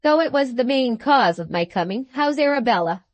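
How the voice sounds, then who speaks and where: A woman voicing a hearty, jolly old country gentleman in an audiobook reading, speaking in a booming, exclamatory way. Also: lively intonation, moderate pace, dry recording. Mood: chatty.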